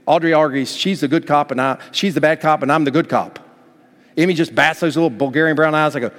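Animated man preaching in a reverberant hall. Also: brisk. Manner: animated, acts out Bible dialogue with big swings in pitch and volume. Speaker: pastor. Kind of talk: sermon.

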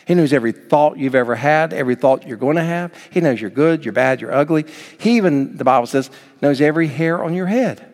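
A man preaching a sermon as pastor, swinging from soft, low passages up to near shouts. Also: lively intonation, a little fast. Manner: dynamic preaching, rising to near shouts then dropping soft. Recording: long hall reverb.

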